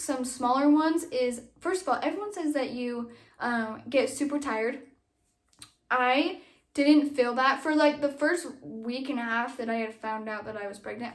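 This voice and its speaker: A young woman vlogger chatting casually to camera from a nursery at home, rambling with lots of fillers and a little out of breath. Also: fairly high pitch.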